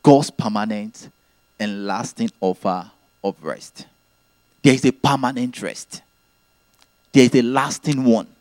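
A man's voice: medium pitch, fairly even intonation, a little slow, long pauses, a little mellow, no echo. A man preaching a sermon, teaching earnestly and repeating his key phrases.

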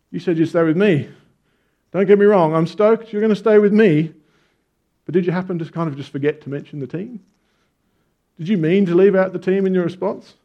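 Man, sermon, fairly high voice, dull lo-fi sound, chatty and emphatic. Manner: conversational, animated storytelling with emphatic stresses. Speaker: preacher.

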